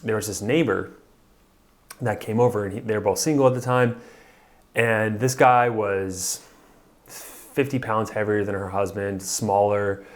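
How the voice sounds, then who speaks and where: A male marriage coach giving a motivational talk to camera. He speaks in a fairly low voice and is blunt and pushy, dropping profanity to drive his point home. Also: fairly even intonation, unhurried.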